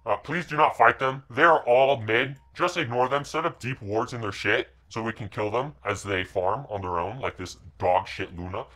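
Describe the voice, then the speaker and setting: Young male streamer; profane, commanding, loud bursts and muttered asides. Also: mid-range voice, normal speed, few pauses. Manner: profane, shouting orders at teammates. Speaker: game streamer. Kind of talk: live gameplay commentary.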